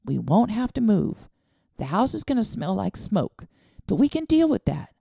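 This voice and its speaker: A woman voicing a frightened high-pitched aunt. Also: sing-song, moderate pace, vocal fry, dark tone, breathy edge, dry recording, studio quality, exaggerated voice. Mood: soothing. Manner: soothing, then panicked. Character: frantic aunt, a young woman caring for children.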